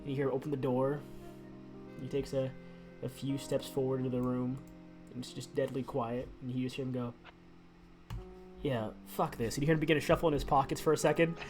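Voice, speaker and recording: A man's voice: medium pitch, little pitch movement, fast talker, music in the background. Casual, laughing male game master. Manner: casual, laughing, restarts sentences. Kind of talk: narrating a tabletop role-play game.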